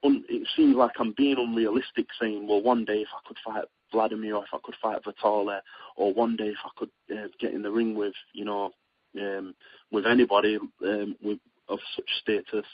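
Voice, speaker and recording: Being interviewed by phone, a young adult boxer from Britain talks briskly in a husky, slightly low voice. His answers ramble with lots of fillers and restarts, and he gets excitable in his stories, all heard through dull, lo-fi sound resembling a radio line.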